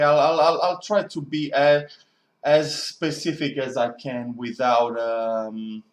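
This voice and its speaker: A man talking in a casual, rambling monologue as a student, musing and often correcting himself. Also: medium pitch. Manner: musing, digressive, self-correcting. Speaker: student vlogger. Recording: echoey room.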